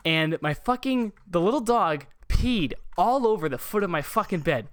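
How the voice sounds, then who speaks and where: A man's voice: sits high, lively intonation, normal speed, few pauses, fairly bright tone. A young adult man hosting a casual podcast from a room above his garage, rambling through a story with a lot of swearing. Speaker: podcast host.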